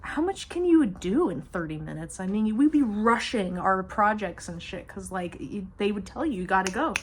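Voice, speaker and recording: A young woman vlogger telling a storytime monologue to her camera, swearing freely and speaking with animated emphasis. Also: medium pitch, normal speed, slight background noise.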